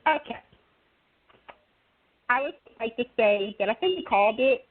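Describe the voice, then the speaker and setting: A woman co-hosting a casual chat about soap operas, talking in an animated, emphatic way. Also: fairly high pitch, moderate pace. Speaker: co-host. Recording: tinny phone-line audio.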